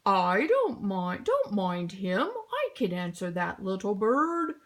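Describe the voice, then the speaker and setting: A woman voicing a friendly, eager female sled dog who barks loudly and speaks warmly. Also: medium pitch, very animated, takes it slowly, pitched below the performer's own voice. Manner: loud barking, friendly.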